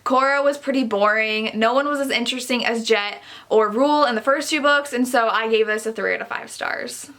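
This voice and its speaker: A young woman talks through her monthly reading in a loose, rambling vlog chat, gushing one moment and exasperated the next. Her voice is bright and sits slightly high. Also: a little fast, few pauses. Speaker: book vlogger. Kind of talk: casual book review chat.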